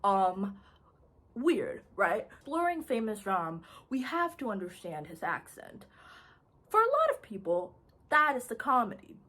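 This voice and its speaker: A woman's voice: a little high, wildly swooping pitch, measured pace, fairly bright tone. A young woman vlogger talking casually to camera, chatty and playful with lots of filler words.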